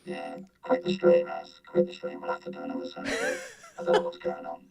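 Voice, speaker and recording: A man talking through a robot voice changer, flustered and rushing to sort out his audio. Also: huge pitch swings, creaky, darkish tone, faint music behind, full character voice. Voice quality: deep robotic distorted voice. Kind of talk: casual podcast chat.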